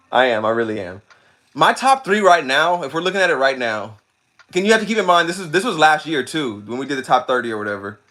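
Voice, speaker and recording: A man's voice: a little high, a little fast, pauses often. A man streaming, chatting casually with his chat in slangy talk, repeating himself and often cracking up. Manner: animated, slangy, repeats himself, breaks into laughter. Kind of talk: casual livestream chat reading comments.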